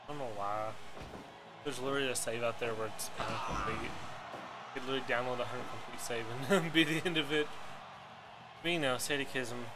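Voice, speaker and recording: A man's voice: mid-range voice, brisk, pauses often, music in the background. A man streaming live, rambling casually and chuckling to himself as he plays. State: winded. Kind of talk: casual live-stream commentary while gaming.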